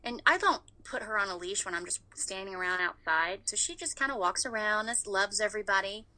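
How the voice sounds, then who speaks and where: Woman in her 30s, super bright voice, animated storyteller, curses a lot. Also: mid-range voice, brisk, rough recording. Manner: animated storyteller, swears freely. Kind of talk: casual chat.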